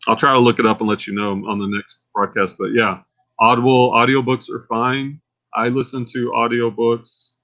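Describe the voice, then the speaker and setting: On a muffled recording, a Texan man of medium pitch hosts a casual livestream at a moderate pace. He rambles excitably and gets increasingly fired up.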